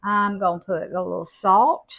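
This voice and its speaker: An older woman, showing a home cooking recipe in a folksy, unhurried way from her kitchen. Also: mid-range voice, steady tone, vocal fry, muffled recording, very noisy. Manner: folksy, unhurried, homey talk. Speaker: cooking channel host.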